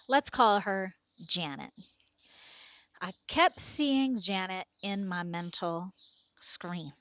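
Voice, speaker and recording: A woman's voice: mid-range voice, dry recording. Earnest woman telling a true story. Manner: earnest, dramatic pauses, emphatic. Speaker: storyteller and host. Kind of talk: personal story narration.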